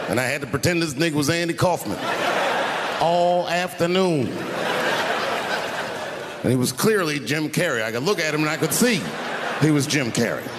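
A stand-up comedian, a man, spins a story from the stage, his fairly high voice leaping and dropping as he goes. He moves from hushed asides to loud bursts. The sound carries the long reverb of a big hall with faint crowd noise underneath. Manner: animated, shifts between hushed and loud. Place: large venue on stage.

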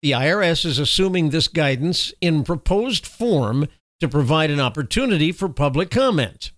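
A man hosting political commentary, reading news items in a formal, steady way and breaking off into sarcastic, scornful remarks. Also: on the high side, normal speed, dry recording. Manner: sarcastic, scornful asides with chuckles; reads official text in a steady, formal delivery.

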